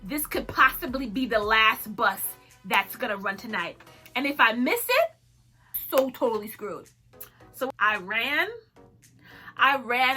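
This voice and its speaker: Young woman vlogger, high and bright, dramatic storyteller who laughs a lot. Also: animated, a little slow, pauses often, soft background music. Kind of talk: storytime chat.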